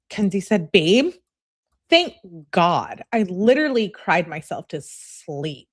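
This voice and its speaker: A woman host reading text messages aloud and commenting on them in a sassy, casual way, often laughing and talking back. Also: on the low side. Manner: sassy, laughs and talks back to what she reads.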